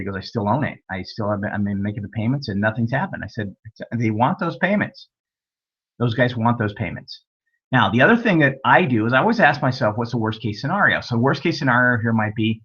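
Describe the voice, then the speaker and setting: Man, real estate lecture, husky, storytelling with dialogue, dull recording. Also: mid-range voice, animated, fast, fairly bright tone. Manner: folksy storytelling, acts out dialogue. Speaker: real estate investing instructor. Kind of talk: webinar lecture with anecdotes. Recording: dull lo-fi webinar audio.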